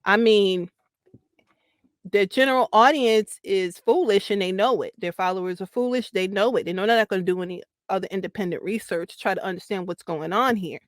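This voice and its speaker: A woman's voice: medium pitch, fairly quick, dry recording, clean studio sound. A woman guest giving casual, emphatic commentary on a talk show. She repeats her points for stress and laughs easily. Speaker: podcast guest.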